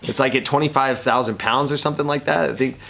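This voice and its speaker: A man's voice: medium pitch, steady tone, fast talker, vocal fry, sharp tone. A man answering reporters' questions at a media session, talking casually with many restarts and frequent laughter. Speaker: professional fighter and analyst.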